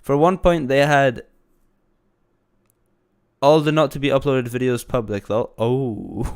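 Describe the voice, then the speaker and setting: A man's voice: medium pitch, steady tone, slow, long pauses, darkish tone, clear, resonant tone. A man with a slight cold, chatting casually as a streamer reacting to videos, rambling with lots of restarts and laughs. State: a bit congested from a cold. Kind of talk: casual live-stream commentary.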